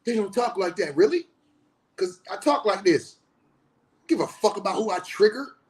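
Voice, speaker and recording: This fired-up man, a spiritual teacher and counselor, talks in AAVE with a high-pitched, animated voice at normal speed. His profane monologue is passionate and blunt, full of heavy swearing that climbs into shouting.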